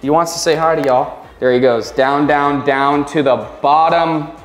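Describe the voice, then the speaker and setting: A man's voice: on the high side, fairly even intonation, moderate pace, roomy sound. A man hosting a fish-keeping vlog, gushing with enthusiasm and often repeating words as he shows off fish. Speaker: fish channel host. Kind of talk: casual upbeat vlog chat.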